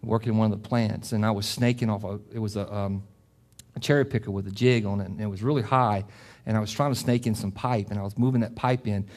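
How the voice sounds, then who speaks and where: A middle-aged man preaching a sermon as pastor. He talks with passion, often repeats and restarts phrases, and climbs to loud, emphatic peaks. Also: fairly low pitch, steady tone, fast talker. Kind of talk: sermon with closing prayer.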